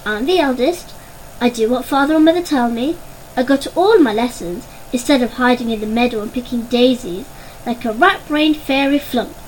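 A woman's voice: a little high, moderate pace, slight background noise, natural voice, poor audio. A woman playing a bossy big-sister rabbit. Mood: smug. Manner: bossy, scolding, self-righteous. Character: bossy older girl rabbit, the eldest sister.

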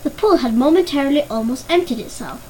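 A woman's voice: lively intonation, quick pace, darkish tone, slight background noise, rough recording. A woman narrating a children's novel as an audiobook, giving the characters their own voices. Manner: voices characters with raised pitch.

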